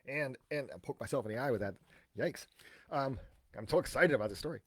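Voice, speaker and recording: Chatty pastor, dry close sound. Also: male voice, mid-range voice, brisk, a bit bright, breathy edge, dry recording. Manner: conversational, retells scripture with chatty asides. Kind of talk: casual Bible teaching.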